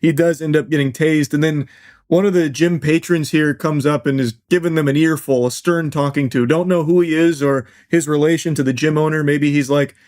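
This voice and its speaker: A man in his thirties giving crude, sarcastic commentary on a news clip in a deadpan way. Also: fairly high pitch, fairly quick. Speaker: commentary host.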